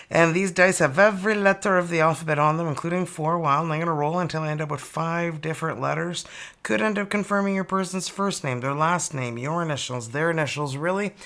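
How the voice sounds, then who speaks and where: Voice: mid-range voice, creaky, pushed and bright. A tarot reader from Canada giving a casual, chatty reading and exclaiming over each card as it turns up.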